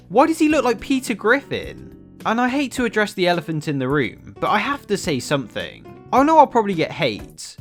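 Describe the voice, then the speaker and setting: A man tears into a film with sarcastic, swearing commentary. His pitch swings wildly from high outrage to low mutters, over a faint bed of music. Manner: sarcastic, exasperated, profane. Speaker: film reviewer. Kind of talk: comedic film review commentary.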